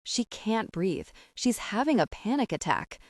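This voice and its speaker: A young adult woman reading a first-person romance audiobook with a steady, calm and expressive delivery. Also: mid-range voice, a little slow, dry recording, studio quality. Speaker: audiobook narrator.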